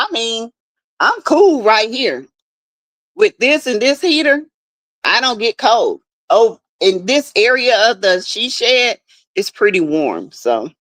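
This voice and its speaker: A woman's voice: medium pitch, a bit bright, dry recording. A woman hosting a casual livestream from her backyard shed, greeting viewers by name and gossiping freely. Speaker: livestream host. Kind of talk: casual live chat with viewers.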